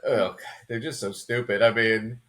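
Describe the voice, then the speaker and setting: Sarcastic, bright-voiced male host. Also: fairly low pitch, steady tone, measured pace. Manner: dry, mocking. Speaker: commentary host. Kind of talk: sarcastic reaction commentary.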